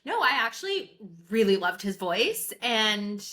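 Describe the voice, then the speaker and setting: Woman, podcast co-host, casual chat, bright clear voice, slightly high, excitable. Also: a little slow. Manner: excitable, trails off and restarts mid-sentence.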